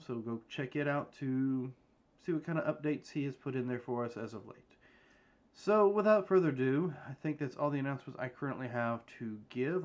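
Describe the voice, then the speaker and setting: A man reads out sponsor and charity announcements for a live tabletop game stream. His voice sits at a middle pitch, and he rambles loosely with frequent fillers and restarts. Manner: rambling, filler-heavy delivery.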